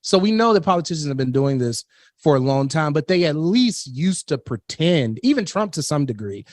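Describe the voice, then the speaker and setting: Radio host, male, slightly high voice, blunt, dry studio sound. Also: sing-song, moderate pace, no room sound. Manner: blunt and opinionated, laughing between points. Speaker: radio talk show host. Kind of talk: political talk radio chat.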